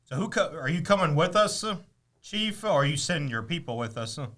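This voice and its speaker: A man's voice: a little high, big pitch swings, a little fast, fairly bright tone. A man playing a tabletop game, asking questions and joking in casual chat. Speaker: player.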